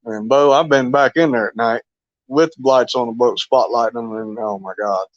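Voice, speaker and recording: A man chatting on a fishing live stream in a loose, folksy ramble, chuckling as he goes. His voice sits at an ordinary pitch. It comes through dull and lo-fi, with a dry, close sound. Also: normal speed, no echo. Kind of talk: casual live stream chat.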